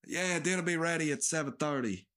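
A woman voicing a gruff, unbothered female cook in an amateur comedic radio drama, blunt and offhand. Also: deep voice, fairly quick, a bit bright, voice pushed down.

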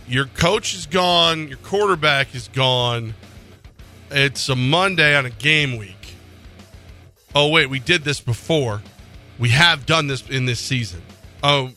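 A man co-hosting a sports talk radio show, talking casually in an animated, exasperated, questioning way. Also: medium pitch.

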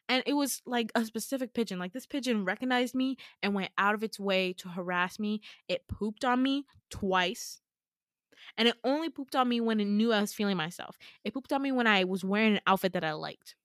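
Woman podcast host, mid-pitched, casual and profane storyteller, dry close recording. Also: dry recording. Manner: chatty, profane, animated retelling.

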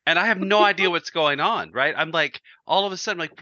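A man's voice: fairly high pitch, fast talker, few pauses, sharp tone, no echo, highs cut off. A man co-hosting a podcast, telling a story in casual chat and laughing through his words. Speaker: podcast co-host.

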